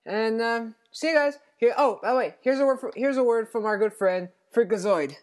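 A man hosting a casual podcast, chatty and halting with frequent fillers. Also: extremely high pitch. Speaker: podcast host.

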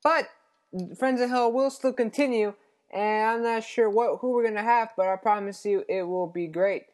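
A man hosting a casual podcast, chatty and halting with frequent fillers. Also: high-pitched, steady tone. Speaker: podcast host.

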